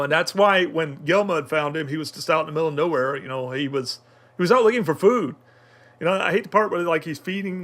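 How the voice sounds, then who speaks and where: A man's voice: a little high, a bit bright. A man talking through an anime episode in casual review commentary, rambling with many fillers and restarts.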